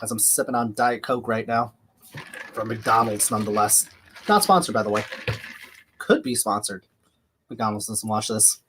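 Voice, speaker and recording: A man's voice: fairly low pitch, normal speed, pauses often, a bit bright, a little hiss or hum. Chatty man with a slight lisp. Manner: chatty, jumps between reading chat and calling action. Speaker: livestream host. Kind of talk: live watch-along commentary.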